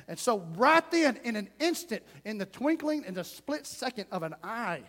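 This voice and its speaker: A man preaches in a church, impassioned and swinging between loud emphasis and hushed asides. His voice sits unusually high for a man. A long hall echo follows each phrase. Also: very animated, normal speed, few pauses. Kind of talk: sermon.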